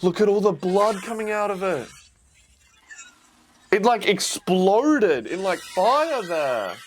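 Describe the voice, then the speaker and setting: A young man talking through a TV episode as he watches it. His voice sits fairly high and swings about a lot in pitch. He swears freely and shouts at the screen. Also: sing-song, slow pace. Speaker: reaction video host. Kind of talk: casual TV reaction commentary.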